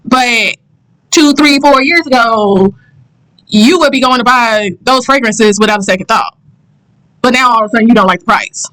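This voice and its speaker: A woman's voice: fairly high pitch, fairly even intonation, brisk, bright, forceful tone, poor audio. A woman from the American South with a Southern accent, giving blunt, sassy reaction commentary as the host of her channel. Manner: blunt, sassy, repeats herself for emphasis.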